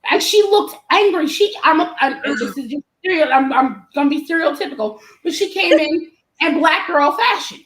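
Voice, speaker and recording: High-pitched woman telling a funny story, lots of laughing, echoey room. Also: normal speed. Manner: animated, laughing, acts out quotes. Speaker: event promoter, guest. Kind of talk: casual storytelling. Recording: roomy echo.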